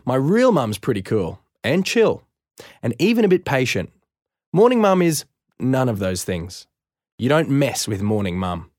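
A man narrating a first-person storybook aloud in a wry, lively way. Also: mid-range voice, dry recording, clean studio sound. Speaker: audiobook narrator.

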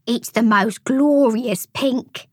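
A woman voicing a showy, enthusiastic female toad with a high-pitched voice, in a storybook audiobook. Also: sing-song, a little slow, fairly bright tone, no echo, studio quality, full character voice. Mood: gushing. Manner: gushing, enthusiastic.

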